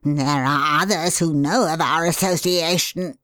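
A desperate, grovelling ex-mayor who begs in a strained, pleading voice, played by a woman. The delivery is slow. The recording is dry and close. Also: low-pitched, fairly bright tone, dry recording.

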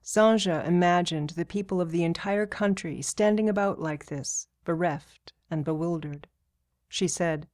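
A woman reading a novel aloud as narrator in a steady, even way. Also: on the low side, unhurried. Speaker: audiobook narrator. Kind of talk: scripted narration.

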